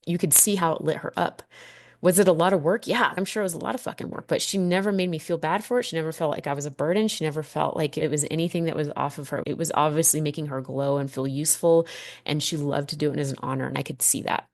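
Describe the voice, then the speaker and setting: A woman's voice: low voice, quick pace, darkish tone, no echo, studio quality. A woman in her thirties hosting a personal podcast monologue, candid and heartfelt, swearing freely as she reflects. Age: 30s. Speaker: podcast host.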